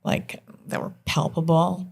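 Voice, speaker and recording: A woman hosting a podcast interview, speaking in a measured, attentive way. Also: darkish tone. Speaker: podcast host.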